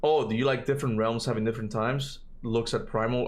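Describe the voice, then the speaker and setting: A man's voice: mid-range voice, fairly even intonation, fairly quick. A man in his thirties, not a native English speaker, chatting casually on a livestream, rambling and tagging his points with questions, his voice cracking now and then. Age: 30s. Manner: rambling, tags questions with "right?". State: occasional voice cracks. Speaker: streamer.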